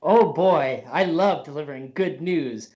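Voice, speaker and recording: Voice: medium pitch, unhurried, darkish tone, muffled recording, lightly acted. A performer playing a cheery, pushy good news kitty in an improv comedy sketch, with a bouncy, sing-song delivery. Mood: chipper.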